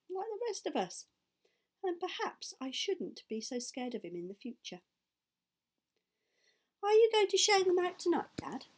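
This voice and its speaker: A woman's voice: sits high, darkish tone, slightly rough. Woman reading a storybook aloud. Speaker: audiobook reader. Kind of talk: storybook narration.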